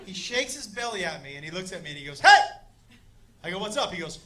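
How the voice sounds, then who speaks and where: A man telling a wild story in a stand-up set, animated and shouting punchlines while voicing the people in it. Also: high-pitched, rapid-fire. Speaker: stand-up comedian. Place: comedy club stage before a laughing audience. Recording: live club recording with crowd noise.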